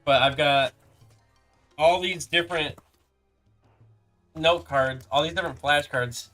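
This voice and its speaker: A young man streaming a game, rambling casually and answering chat with halting restarts. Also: on the high side, pushed and bright. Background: background music.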